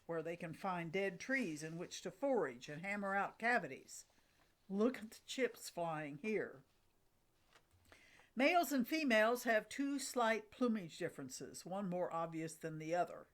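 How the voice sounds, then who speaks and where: Woman host, middle-aged, unhurried and enthusiastic, scripted nature narration. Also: medium pitch, very animated. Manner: enthusiastic, with a light laugh. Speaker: host of a bird watching channel.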